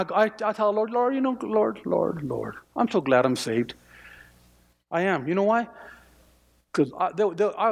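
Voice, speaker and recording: Pastor guy preaching, high voice, kinda husky, lots of repeats n restarts, big echoey church. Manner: emphatic, repeats phrases, stammering restarts. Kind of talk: sermon. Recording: long hall reverb.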